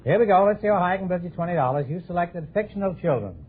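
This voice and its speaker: A man hosting a 1950s radio quiz show, quick with jokes and wisecracks. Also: high voice, expressive, slightly rough. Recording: old radio broadcast, tinny and noisy.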